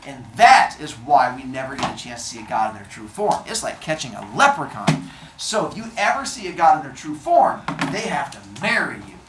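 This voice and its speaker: A teacher voicing a scheming goddess disguised as a sly old woman, in a high wheedling falsetto, in an echoey classroom. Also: sing-song, moderate pace, noisy background, lightly acted. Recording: echoey classroom, mic far off.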